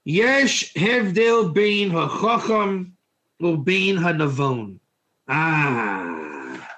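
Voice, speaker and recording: A man giving an informal Torah class, energetic and joking, putting questions to his listeners in a classroom. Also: high voice, unhurried, pauses often. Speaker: Torah teacher.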